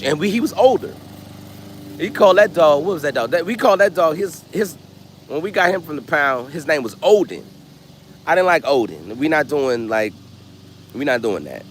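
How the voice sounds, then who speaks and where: Animated male vlogger, loose storyteller, lively delivery, faint road noise behind. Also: fairly high pitch. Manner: animated, loose, acts out voices. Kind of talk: casual storytelling.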